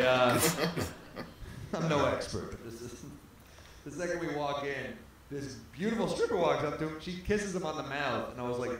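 A male comedian telling a stand-up story on stage in a club, animated and laughing through his own lines. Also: fairly high pitch, normal speed. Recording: echoey comedy club with faint noise.

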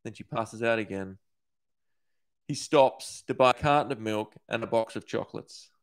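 A man from Australia, an author, reading his dark short story aloud in a steady, measured way. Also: lowish voice.

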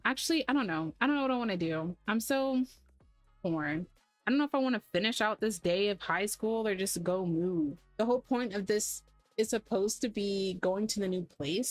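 A woman's voice: mid-range voice, dry recording. A woman hosting a gaming channel, giving chatty, sarcastic, easily exasperated commentary while she plays. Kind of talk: casual gameplay commentary.

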